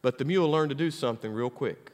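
A man preaching a sermon to his church, his delivery swinging from loud, preacherly call-and-response to hushed tones. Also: mid-range voice, quick pace, long reverb tail. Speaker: pastor.

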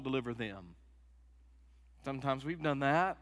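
A middle-aged man preaching a sermon, moving from quiet personal stories to loud, emphatic peaks. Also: on the high side, unhurried. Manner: emotional storytelling, rising to loud emphatic peaks. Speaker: pastor. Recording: long hall reverb.

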